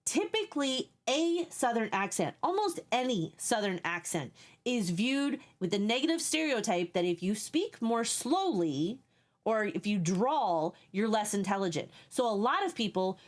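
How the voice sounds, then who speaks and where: A woman's voice: medium pitch, very animated, unhurried. Chatty woman streamer reading chat. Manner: chatty, explains at length while reading chat. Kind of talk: casual live-stream chat.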